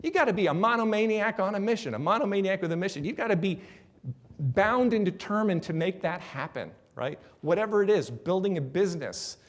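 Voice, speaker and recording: A business speaker gives a lively, conversational conference talk, checking in with the audience. His voice sits high and moves fairly quickly. He acts out little quoted voices and laughs at his own examples.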